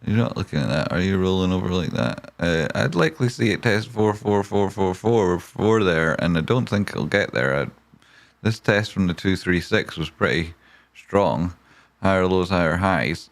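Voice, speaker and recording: A man hosting a live trading stream, reading viewer messages aloud with excitable swearing and silly wordplay. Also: deep voice, normal speed, vocal fry. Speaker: trading livestream host.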